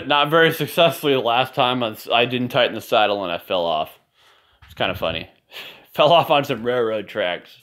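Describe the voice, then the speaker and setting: A man's voice: mid-range voice, animated, moderate pace, a bit bright. Rambling man talking to camera at home. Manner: rambling and meandering, often apologizing; profane and ranting at times. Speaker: father filming a video message. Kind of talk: rambling casual home video. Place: indoors at home, in a room with a nightlight.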